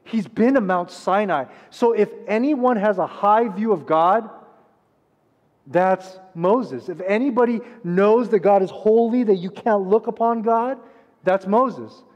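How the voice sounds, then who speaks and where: A pastor preaching a sermon, swinging between loud urgent passages and hushed quiet ones. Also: male voice, sits high, measured pace, dull audio. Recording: long reverb of a large hall.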